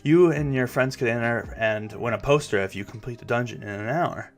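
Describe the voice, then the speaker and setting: A man's voice: mid-range voice, a little fast, soft background music, close to an everyday voice. A man voicing a cheerful, oblivious event staffer. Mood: cheerfully earnest. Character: polite young male game company event staffer.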